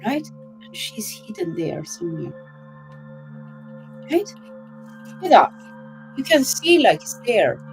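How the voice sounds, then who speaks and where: A woman's voice: on the high side, very animated, slow pace, pauses often, faint music behind. A woman hosting a live art stream, chatting casually and rambling cheerfully into a computer microphone.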